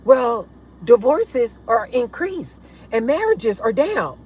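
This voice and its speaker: A woman hosting a casual livestream chat, blunt and animated, laughing often as she talks to her viewers. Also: a little high, slow, a little hiss or hum. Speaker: livestream host.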